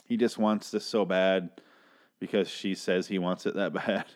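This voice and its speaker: A man's voice: low voice, steady tone, unhurried. A man casually recapping a TV episode, swearing often and sounding exasperated as he rambles through the plot. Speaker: TV recap host.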